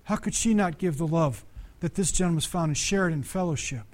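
Guy pastor w a high voice, chatty sermon, keeps asking the room questions. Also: brisk, a little mellow. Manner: conversational preaching, asks the congregation questions.

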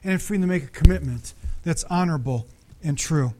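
A man's voice: fairly high pitch, brisk, a little mellow. A man preaching a conversational sermon as pastor, often asking the congregation questions.

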